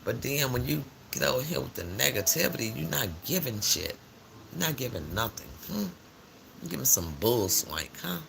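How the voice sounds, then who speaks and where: A man's voice: mid-range voice, normal speed, gravelly, background noise. An older man hosting a casual morning live stream, chatting and telling stories in a loose, slangy way. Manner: chatty, animated storytelling with frequent laughs and slang.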